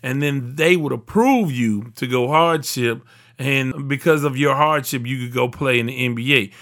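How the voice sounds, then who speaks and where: A man's voice: mid-range voice, moderate pace, fairly bright tone. A middle-aged man hosting his own sports talk podcast, talking in a rambling, conversational way full of asides. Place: recorded in Houston, Texas.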